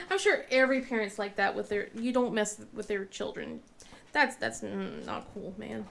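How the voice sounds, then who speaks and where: A woman's voice: mid-range voice, animated, moderate pace, creaky, a bit bright. A woman in her thirties chatting casually while she crafts, rambling with many restarts and sore-mouthed. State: mouth in pain. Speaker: vlogger and crafter.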